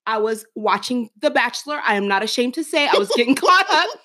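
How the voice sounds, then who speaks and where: A woman co-hosting a casual talk show, an animated storyteller who laughs often. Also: fairly high pitch, brisk. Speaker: podcast co-host. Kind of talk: casual chat.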